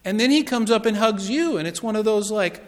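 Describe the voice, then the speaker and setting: A man preaching a sermon, telling the story with swings between loud, lively lines and hushed ones. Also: high voice, a little fast, long reverb tail.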